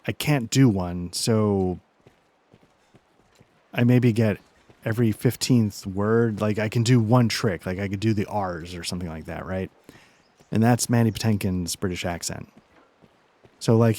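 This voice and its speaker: A man's voice: on the low side, darkish tone. A man hosting a let's play, chatting casually and rambling through self-deprecating asides while he games. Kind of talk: casual commentary while gaming.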